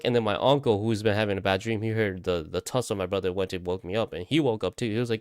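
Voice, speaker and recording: A man's voice: fairly low pitch, fast talker, hardly any pauses, smooth, dry recording, clean studio sound. A man casually telling a spooky story, rambling, repeating himself and swearing often. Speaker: vlogger.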